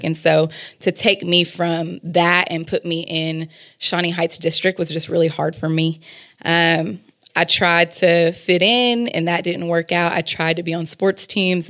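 A woman's voice: lowish voice, fairly bright tone. A young woman sharing a candid personal testimony in a conversational way, with frequent fillers. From Kansas.

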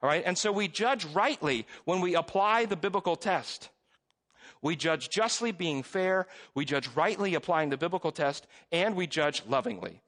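A man in his forties, a pastor, preaching a sermon in a church in a conversational, animated storytelling way with self-deprecating jokes. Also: high voice, normal speed. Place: church sanctuary. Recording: long reverb of a church hall.

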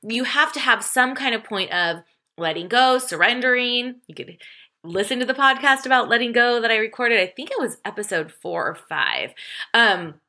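A woman hosting a self-help podcast as a life coach, talking casually, laughing often, swearing freely and jumping way up in pitch when she quotes herself. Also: lively intonation, moderate pace, sharp tone. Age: adult, divorced.

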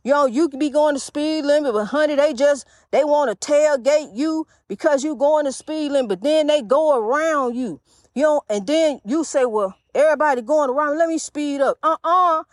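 A woman with a high voice runs her own faith-talk podcast in a loose, chatty style, preaching to her listeners and calling them honey. The recording is dry and close, with almost no room sound. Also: normal speed, dry recording. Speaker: podcast host.

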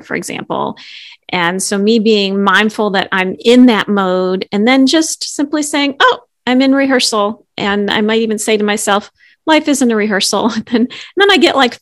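Gentle, earnest woman coach. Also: mid-range voice, no echo, clean studio sound. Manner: gentle, earnest, laughs lightly. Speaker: stress and mindfulness coach, podcast host. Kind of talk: conversational explanation.

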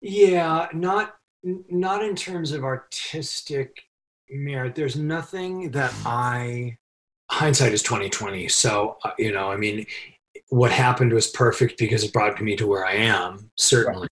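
A man's voice: medium pitch, unhurried. Laughing middle-aged male storyteller. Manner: animated storyteller, laughs often while telling. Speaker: film crew member telling a story. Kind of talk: casual anecdote in an interview.

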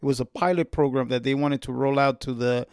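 A man co-hosting a casual discussion, explaining in halting bursts with many fillers. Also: mid-range voice, fairly even intonation, smooth, dry recording. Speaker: podcast co-host.

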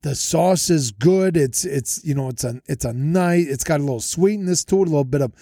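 A man's voice: a little high, fairly quick, mellow, no room sound, studio quality. A man hosting a podcast, telling a rambling, self-deprecating story in a casual monologue from a hotel room with makeshift soundproofing. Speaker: podcast host. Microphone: podcast mic through an audio interface.

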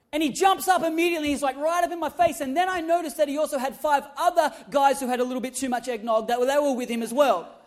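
A young man, a pastor, telling a funny personal story in his sermon, animated and humorous with loud emphatic peaks. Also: very high-pitched. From Australia.

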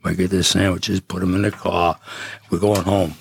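An older man rambles through stories, restarting his sentences as he goes. His voice sits low, gravelly and husky, recorded close and dry. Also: level tone, moderate pace, dry recording. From Jersey City, New Jersey. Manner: rambling, with frequent restarts and chuckles. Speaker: guest. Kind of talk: casual storytelling.

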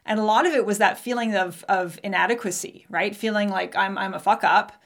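A woman's voice: mid-range voice, fairly even intonation, brisk, a bit bright. A woman in her forties, a podcast host, telling a candid personal story and acting out remembered dialogue.

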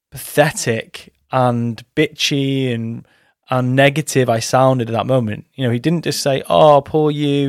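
A man's voice: mid-range voice, no echo. Male podcast host with a mid-range voice and a plain, frank delivery, recorded dry. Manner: frank, blunt storytelling with coarse words. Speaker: podcast host and men's coach. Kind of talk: casual podcast monologue.

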